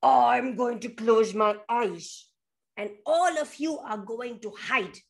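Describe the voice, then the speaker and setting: A woman voicing a big friendly bear in a children's story, talking slowly and gruffly in a playful way. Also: a little high, pitched below the performer's own voice.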